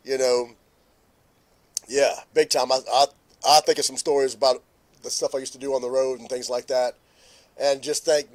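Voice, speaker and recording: A middle-aged man with a voice high for a man hosts a relaxed morning live stream, speaking at normal speed with long pauses. He keeps laughing as he greets viewers by name.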